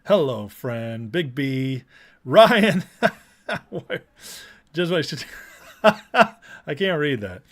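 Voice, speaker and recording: Energetic male livestream host, higher voice. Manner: energetic, shouting out chat names, rapid asides. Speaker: political commentary livestream host. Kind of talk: casual livestream commentary.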